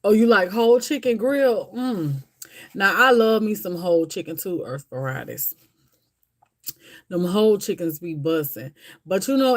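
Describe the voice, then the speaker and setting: A woman hosting a casual livestream, chatting and rambling straight to her viewers. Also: mid-range voice. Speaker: livestream host. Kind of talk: casual chat with live viewers.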